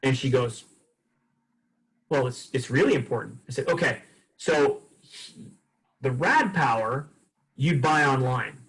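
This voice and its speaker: In a sales training session, a man casually tells lively customer stories and acts out the dialogue. His voice is medium in pitch and a little slow, with frequent pauses, and the recording quality is low.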